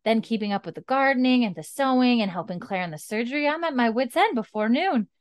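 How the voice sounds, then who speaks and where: A woman quoting a harried young mother, in a voice lifted above her own, warm and busy. The sound is dry and close. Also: a little high, animated, quick pace, dry recording, voice pushed up, natural voice.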